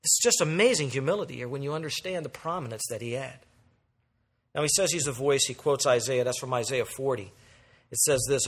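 A man preaching a sermon as pastor, with emphatic delivery that moves between loud and soft. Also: mid-range voice, brisk.

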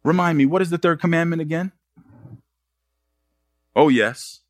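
A man's voice: on the high side, normal speed, dry recording, clean studio sound. A man preaching a sermon as pastor, pressing the congregation with earnest rhetorical questions.

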